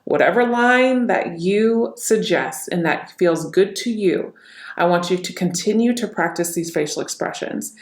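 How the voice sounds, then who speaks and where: A woman's voice: fairly low pitch, lively intonation, measured pace, echoey room. A woman coaching her viewers on facial expressions and tone of voice, talking straight to them in an instructional video. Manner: demonstrates emotions by repeating one line in many tones. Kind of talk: instructional talk to camera.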